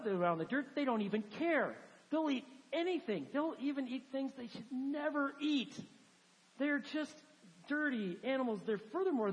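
Woman preaching in an echoing hall. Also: sits high. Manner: conversational, emphatic, many fillers. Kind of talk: sermon. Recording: long hall reverb.

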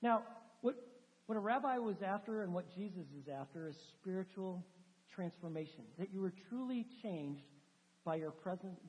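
Animated preacher in a reverberant hall. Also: mid-range voice. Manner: animated storytelling, acting out quoted dialogue. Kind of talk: sermon. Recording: dull sound with long hall reverb.

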